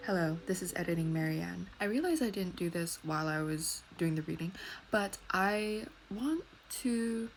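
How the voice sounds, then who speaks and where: A woman's voice: on the low side, animated, measured pace, soft background music. A woman casually reading folk tales aloud on her video, breaking off for giggly, playful asides. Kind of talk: casual read-aloud with chat.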